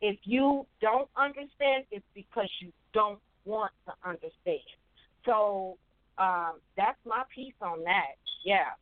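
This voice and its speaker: A woman's voice: mid-range voice, slow. A woman co-hosting a casual talk show, speaking appreciatively with many stammered restarts. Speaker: co-host. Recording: tinny phone-line audio.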